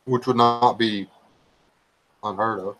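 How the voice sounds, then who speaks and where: A man's voice: on the low side, fairly even intonation, takes it slowly, poor audio. Easygoing man chatting on stream. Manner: rambling, easygoing, folksy. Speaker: livestream regular. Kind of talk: casual livestream chat.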